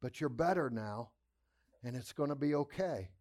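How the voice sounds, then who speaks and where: A man voicing a sweet, gentle young female nurse who speaks softly and soothingly. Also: mid-range voice, lively intonation, moderate pace, dry recording, clean studio sound, natural voice. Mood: gentle reassuring. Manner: soft, soothing.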